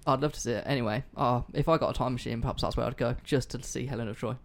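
A man with a gravelly, creaky edge to his voice chats in a relaxed, joking way. He sounds like a co-host tossing in quips and tangents. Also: medium pitch, rapid-fire. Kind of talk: casual chat.

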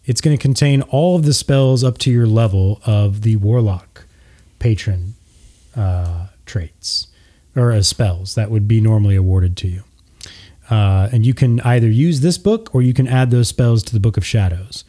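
Male game master, warm dark voice, easygoing narration. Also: lowish voice, moderate pace. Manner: relaxed, with frequent filler words.

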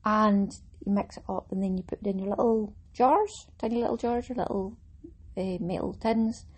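A woman with a mid-pitched, husky voice, chatting casually on her craft podcast. She rambles cheerfully, stops to correct herself and pokes fun at herself. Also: steady tone, moderate pace, darkish tone. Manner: chatty, self-mocking, rambling with fillers. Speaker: podcast host. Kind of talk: casual chat.

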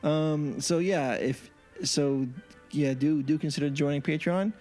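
A man hosting a podcast, wrapping up the show in a relaxed, halting way with many ums. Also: fairly high pitch, soft background music. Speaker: podcast host. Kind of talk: casual sign-off chat.

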